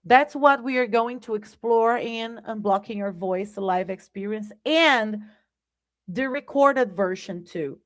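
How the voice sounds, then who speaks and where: A woman teaching a live online English lesson, speaking deliberately and often checking in with "right?". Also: fairly high pitch.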